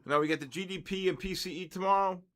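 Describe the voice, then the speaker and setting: Animated older man hosting a live stream. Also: high-pitched, quick pace. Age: 60s. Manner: animated, keeps tagging 'right?' and 'okay?'. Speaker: trading session host. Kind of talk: casual livestream storytelling.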